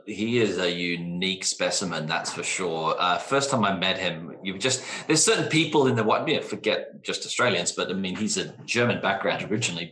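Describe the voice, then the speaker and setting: A man's voice: low voice, bright, forceful tone, reverberant. A man speaking as a guest at a casual wine tasting, talking enthusiastically and rambling with many restarts.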